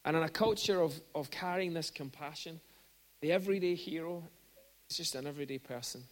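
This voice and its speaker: A man preaching a sermon in a church, conversational with frequent restarts and animated storytelling. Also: fairly high pitch, a little fast. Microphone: microphone at pulpit.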